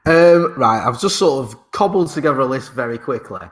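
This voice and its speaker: A man's voice: medium pitch, lively intonation, fairly quick, fairly bright tone. A man co-hosting a podcast, chatting casually and joking dryly, often restarting while he searches for words. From Britain. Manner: dry, joking banter. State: parent. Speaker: podcast co-host. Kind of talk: casual chat.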